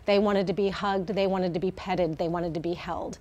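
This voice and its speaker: A woman's voice: lowish voice, steady tone, normal speed, darkish tone, lo-fi sound. A middle-aged woman, the head of an animal welfare group, speaking as a guest in a live TV interview in a heartfelt way, with many fillers and restarts.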